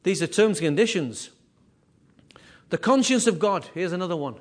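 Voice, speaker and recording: A man preaching a sermon as pastor, animated and repetitive, with conversational asides. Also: sits high, moderate pace. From England.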